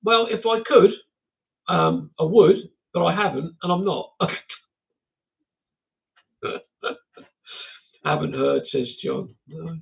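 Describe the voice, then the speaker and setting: Chuckling and poking fun at himself, an older livestream host reads viewer comments aloud in a relaxed chat. He takes it slowly, with long pauses, in a fairly high, creaky voice, and the recording has a tinny, phone-like quality.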